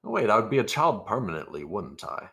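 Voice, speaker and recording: Brief: joking D&D player, man, low and gravelly, animated delivery. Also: fairly quick. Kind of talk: casual tabletop play.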